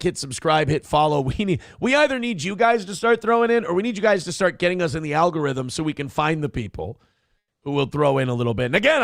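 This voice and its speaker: Sarcastic guy hosting a morning politics show, gravelly, swears a lot, dry sound. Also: high-pitched, fairly bright tone, no echo. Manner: profane, sarcastic, rambling. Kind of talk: casual political talk show.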